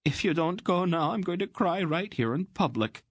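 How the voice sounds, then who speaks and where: A man's voice: high-pitched, lively intonation, moderate pace, no echo, studio quality, voice pushed up. A man reading an audiobook, voicing a plump, tearful little queen who pleads with emotion. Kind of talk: audiobook character voice.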